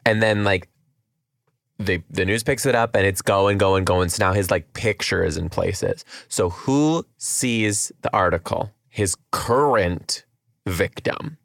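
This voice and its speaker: A man co-hosting a podcast in a dry, close-miked room. He chats casually and energetically, with a lowish voice. He slips into quick acted quotes as he retells a wild story. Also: vocal fry, no echo. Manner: animated, acts out quotes in the retelling. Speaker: podcast co-host.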